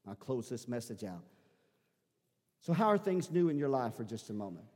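A male pastor preaching a sermon, repeating his phrases and building up to shouting. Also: medium pitch, very animated, normal speed, in a large hall. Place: church sanctuary.

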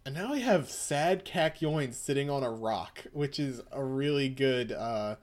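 Male co-host, mid-pitched, joking, recaps a comic in casual chat. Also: lively intonation, unhurried. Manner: laughing, joking, acting out quoted lines. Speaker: podcast co-host.

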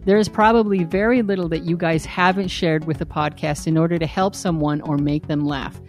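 A woman's voice: low-pitched, steady tone, brisk, soft background music. A woman co-hosting a podcast, reading listener messages aloud in a wry way. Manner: laughing, wry reader. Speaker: podcast co-host.

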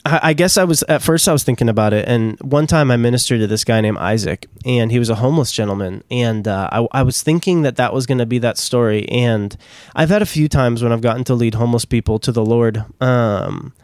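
A man co-hosting a casual faith podcast, talking in a quick, rambling way and telling stories with animation. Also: mid-range voice, a little mellow, no room sound, studio quality. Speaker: podcast co-host.

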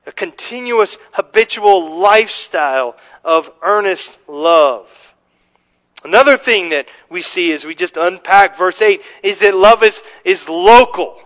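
High-pitched guy preaching a sermon, earnest, keeps repeating words, slows down hard on the key bits. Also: lively intonation, a bit bright, low-quality recording. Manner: earnest, emphatic, repeats words when starting sentences; slows down to stress scripture phrases. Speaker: pastor.

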